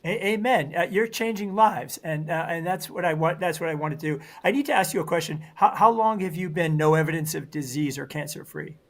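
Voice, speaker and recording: A man's voice: a little high, fairly quick, few pauses. Upbeat Boston-accented male host. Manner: affirming, relaying comments, with fillers. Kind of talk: interview hosting.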